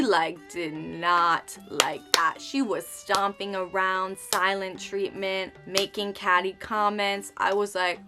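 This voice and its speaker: A young woman telling a story to her camera in a chatty, dramatic way, acting out quotes with sudden high outbursts. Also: sharp tone. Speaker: vlogger. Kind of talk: casual storytime chat.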